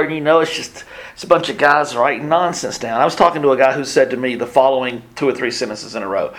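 Male preacher, mid-range voice, animated storyteller who acts out quotes and drops to hushed asides. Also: medium pitch, quick pace. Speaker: pastor. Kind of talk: sermon storytelling.

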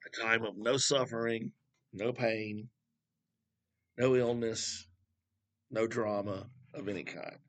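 A man's voice: on the low side, fairly even intonation, slow, pauses often. A man giving a casual Bible teaching, talking conversationally with rambling asides and rhetorical questions.

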